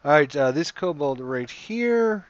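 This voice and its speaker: A man running an online tabletop game as game master, calmly narrating combat and ruling on moves. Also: fairly high pitch, unhurried, no echo, muffled recording.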